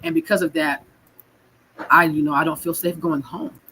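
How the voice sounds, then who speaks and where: A woman's voice: low voice, steady tone, normal speed, pushed and bright, slight background noise, low-quality recording. A woman from California telling her own story in a raw, frank, emotional way, swearing and repeating her words. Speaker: guest sharing her story. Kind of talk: personal storytelling.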